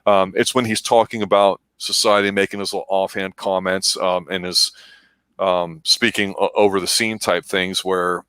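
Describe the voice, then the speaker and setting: Low-voiced man giving a measured review. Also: level tone, a bit bright, clean tone, no echo. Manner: measured, analytical. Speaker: podcast co-host. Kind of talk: casual review chat.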